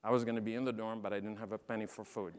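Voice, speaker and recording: A man's voice: on the low side, very fast. A middle-aged man, telling humorous stories to an audience as a keynote speaker and acting out the dialogue. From Lebanon. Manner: animated, humorous, acts out dialogue. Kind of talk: storytelling talk to an audience. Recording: long reverb in a large hall.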